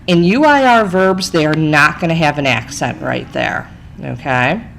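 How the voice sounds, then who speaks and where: A woman's voice: low-pitched, expressive, measured pace, vocal fry, a bit bright, slight background noise, poor audio. A woman Spanish teacher narrating a recorded slide lesson, chatty, explaining step by step and checking in with "okay?".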